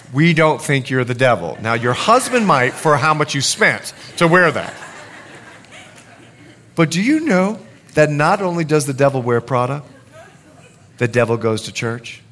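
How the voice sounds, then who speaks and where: A man preaching a sermon, animated, with jokes and asides to the congregation. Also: medium pitch. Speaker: pastor.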